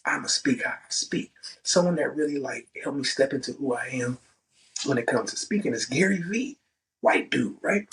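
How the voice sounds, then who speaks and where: A man's voice: high-pitched, fairly bright tone, distant mic, rough recording. Man talking casually on a podcast. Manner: profane, emphatic, repeats "right?". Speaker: podcast host. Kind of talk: casual monologue.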